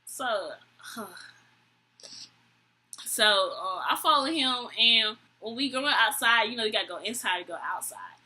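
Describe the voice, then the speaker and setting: A woman's voice: on the high side, a little slow, pauses often. Exasperated young woman telling a story. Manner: animated, exasperated, swears often. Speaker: vlogger. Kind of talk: storytime vlog.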